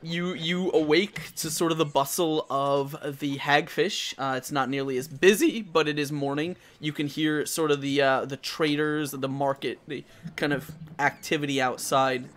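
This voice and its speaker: A man running a tabletop game as game master, narrating with many pauses and fillers. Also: on the high side, steady tone, fairly bright tone. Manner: hesitant, many fillers and restarts.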